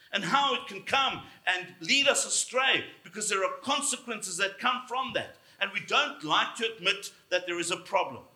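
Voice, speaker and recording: A man preaching a sermon, emphatic, slowing down to stress key words. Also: sits high, bright, forceful tone. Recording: echoey room.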